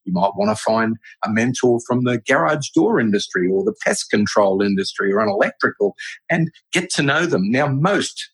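A man's voice: mid-range voice, slightly rough, poor audio. A middle-aged man, a business owner, answering podcast interview questions in an earnest, rambling way with many restarts. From Australia.

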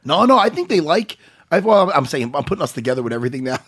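A man's voice: a little high, very animated, fast talker, a bit bright, husky, no echo, clean studio sound. A middle-aged man co-hosting a podcast, rambling casually with lots of swearing and restarts. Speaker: podcast co-host.

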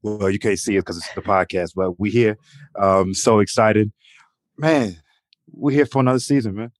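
A man's voice: fairly low pitch, normal speed, dry recording, studio quality. A man co-hosting a podcast in casual, emotional chat, often saying "you know" and "man". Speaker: podcast co-host.

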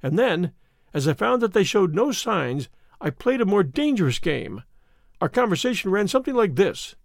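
A man narrating a classic story in the first person as an audiobook reader, in a measured and vivid way. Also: high voice, big pitch swings, gravelly, no room sound, clean studio sound.

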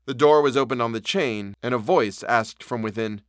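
A man reading a classic story aloud as narrator, in steady, measured storytelling. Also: medium pitch, dry recording, studio quality.

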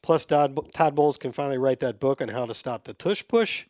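A man's voice: mid-range voice, brisk, a little mellow, no echo, studio quality. A man hosting a casual sports podcast, chatting and reading listener emails aloud in a self-deprecating way.

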